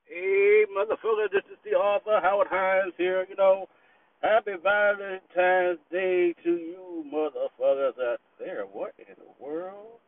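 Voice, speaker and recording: A man's voice: high voice, fairly even intonation, a little slow. A man, a bit tipsy, chatting in a laid-back, profane way from his parked vehicle. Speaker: vlogger. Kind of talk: casual rambling chat. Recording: tinny phone-like, dry.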